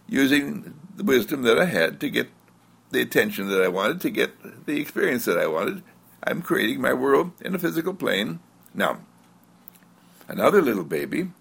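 A man giving an inspirational spiritual talk, drawing out key words slowly and slipping into playful asides. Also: medium pitch, creaky, a bit bright, breathy edge. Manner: slow drawn-out emphasis, playful asides. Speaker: spiritual speaker.

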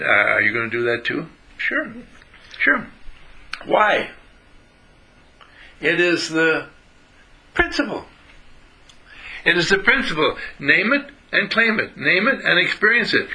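A man's voice: mid-range voice, creaky, pushed and bright, low-quality recording. A man giving a motivational spiritual lecture, emphatic, repeating phrases and asking his listeners questions.

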